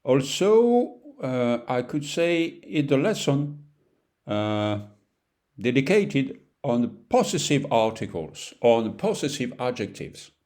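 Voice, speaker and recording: A man with a French accent, a native French speaker teaching a beginner language lesson, talking slowly and repeating each word with fillers like "you know". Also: medium pitch, sing-song, a little mellow. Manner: slow, repetitive, with fillers and "you know", pausing to repeat words.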